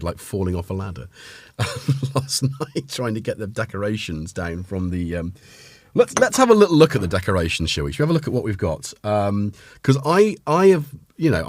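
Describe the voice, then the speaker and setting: Chatty North Welsh man, lively pitch. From North Wales. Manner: rambling, chatty, reading out viewer names. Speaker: host. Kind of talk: casual livestream chat.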